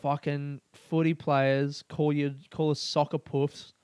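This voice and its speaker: A young Australian man with an Australian accent hosting a podcast, ranting excitably, swearing a lot and laughing often. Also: on the high side, slow, clean tone, no echo, clean studio sound. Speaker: podcast host. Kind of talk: casual podcast rant.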